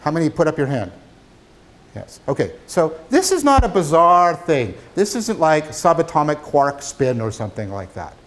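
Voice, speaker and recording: A man giving a university lecture, animated, asking his class questions as he talks. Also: a little high, moderate pace. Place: lecture hall.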